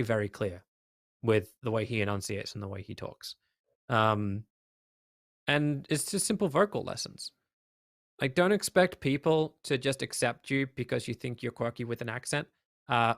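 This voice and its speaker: An Australian man speaks as an interview guest, emphatic and quick to jump into voices of the people he describes. His delivery is animated and loose, full of fillers, in a mid-pitched voice. The sound is dry and close to the mic. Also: dry recording. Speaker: esports caster, guest. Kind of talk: casual interview chat.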